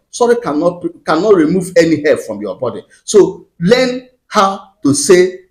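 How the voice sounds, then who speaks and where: A man's voice: sits high, sing-song, measured pace. A man hosting his own channel, giving preachy marriage advice with repeated phrases and rhetorical questions. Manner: Christian framing of marriage. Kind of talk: preachy advice talk to camera.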